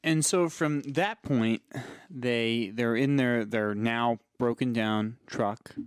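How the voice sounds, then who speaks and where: A man co-hosting a comedy podcast, dropping dry quips and short asides while a movie is retold. His voice is smooth and clear at a middle pitch. The sound is close and dry, with no echo. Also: slow pace. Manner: dry wisecracks and short interjections. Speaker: podcast co-host. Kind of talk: casual comedic movie recap.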